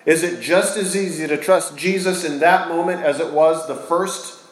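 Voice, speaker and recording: A man preaching a sermon to a congregation, asking them questions and swinging between loud and hushed delivery. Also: on the high side, normal speed. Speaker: pastor. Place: church hall with a congregation. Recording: echoey church room.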